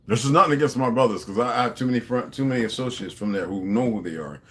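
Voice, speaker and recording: A man's voice: medium pitch, fast talker, a bit bright. A man delivering a profane, confrontational monologue, lecturing his viewers.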